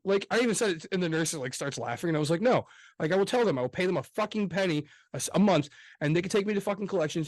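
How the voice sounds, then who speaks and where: A man co-hosting a casual podcast chat, swearing freely and talking with loud emphasis. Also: fairly high pitch, lively intonation, racing, dry recording. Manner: profane, emphatic, gets loud. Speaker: podcast co-host.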